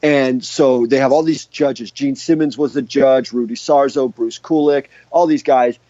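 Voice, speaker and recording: A man in a casual interview spins a long, rambling story full of restarts and fillers. His voice sits at an ordinary pitch. The sound is dull and dry, with no room around it. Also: measured pace, mellow, no room sound. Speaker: guest guitarist.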